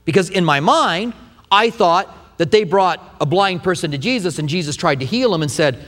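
A man's voice: high-pitched, moderate pace. Man preaching in a reverberant hall. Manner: animated preaching, acting out voices of doubters. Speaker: pastor. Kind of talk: sermon. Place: large church sanctuary.

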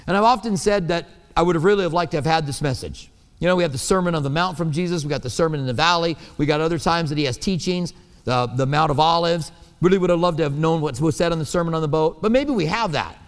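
A man's voice: a little high, fairly quick, clean tone, big-room sound. A man preaching a sermon as pastor, telling stories in a conversational way and acting out voices.

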